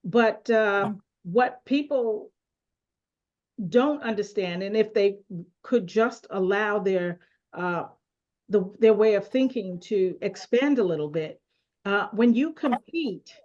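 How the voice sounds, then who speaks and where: A woman moderating a panel discussion on a call, speaking deliberately and often adding a rhetorical "right?". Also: mid-range voice, darkish tone, dull audio.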